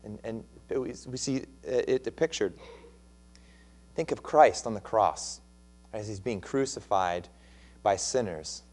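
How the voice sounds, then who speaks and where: A man's voice: fairly low pitch, expressive, slow pace, long pauses, darkish tone. A male pastor preaching a sermon in a conversational way, often asking his listeners questions and restarting his phrases.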